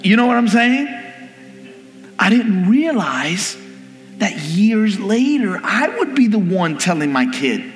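A man preaching a sermon, telling a family story with lively delivery and acting out the people in it. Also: sits high, slow pace. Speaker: pastor. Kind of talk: sermon with personal stories. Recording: long hall reverb with faint music.

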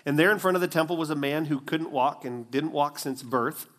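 Brief: animated male preacher, fairly high voice, storytelling sermon. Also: fairly quick. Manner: animated storytelling, acts out the scenes. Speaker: pastor.

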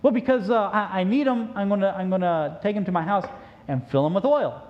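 A man voicing a poor widowed mother in a sermon story, in an animated storytelling manner, on a dull lo-fi recording. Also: sits high, a little fast, close to an everyday voice. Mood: anxious. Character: poor widowed mother, anxious then overjoyed.

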